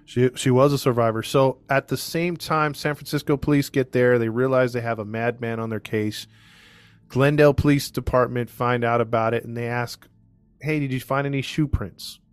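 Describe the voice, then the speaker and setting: A man's voice: mid-range voice, steady tone, normal speed, smooth, no echo, faint music behind. A man hosting a podcast, casually telling a true-crime story to his co-hosts, rambling with many fillers. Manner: rambling, filler-heavy, restarts often.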